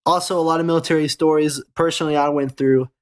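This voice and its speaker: Young American male host, casual profane storyteller, slightly higher voice. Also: fairly even intonation, quick pace, smooth. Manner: rambling, profane, self-correcting. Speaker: gaming channel host and soldier.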